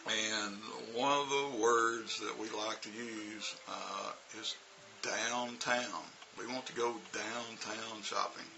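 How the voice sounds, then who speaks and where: A man's voice: fairly low pitch, fairly even intonation, slow, vocal fry, sharp tone, a little hiss or hum. A man, an English teacher, telling a casual, rambling story full of "you know" and "uh". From United States.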